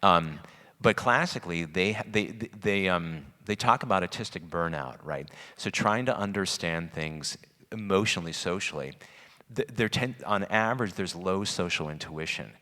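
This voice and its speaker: A middle-aged man speaking as a guest at a parent Q&A, chatty and animated, self-described as manic. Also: deep voice, moderate pace. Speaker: guest speaker on student stress. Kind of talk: informal parent-talk Q&A. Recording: long hall reverb.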